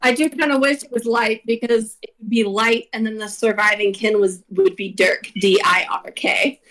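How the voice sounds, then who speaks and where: A woman with a slightly high voice joins the game as a player. Her chat is casual, wry and playful, full of teasing remarks. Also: fairly even intonation, moderate pace, fairly bright tone, low-quality recording.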